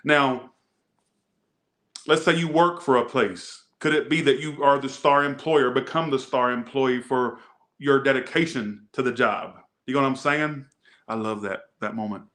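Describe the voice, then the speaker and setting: A man's voice: medium pitch, measured pace, fairly bright tone. Rambling, chatty man reading tarot. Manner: chatty, rambling, joking asides. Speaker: tarot reader. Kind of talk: casual tarot reading video.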